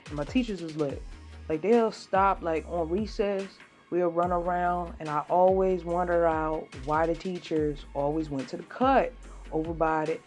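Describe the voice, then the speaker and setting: A young woman hosting her own podcast in a casual solo rant, brash and swearing, with sudden high-pitched outbursts. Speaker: podcast host.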